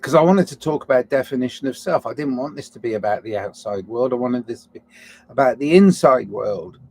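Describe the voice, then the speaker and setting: A man's voice: mid-range voice, expressive, a little fast, a little mellow, slight background noise. Rambling musing man, self-interrupting. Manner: digressive, restarts mid-thought, swings between musing and heated outbursts; self-mocking apologetic asides. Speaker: solo podcaster. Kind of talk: rambling reflective monologue.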